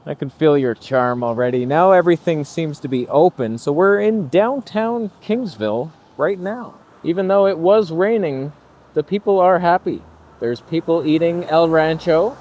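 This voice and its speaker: A man's voice: on the high side, animated, normal speed, a little mellow. A man vlogging casually while walking outdoors, rambling through wry, jokey stories. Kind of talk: casual vlog chat. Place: walking outdoors in a small town.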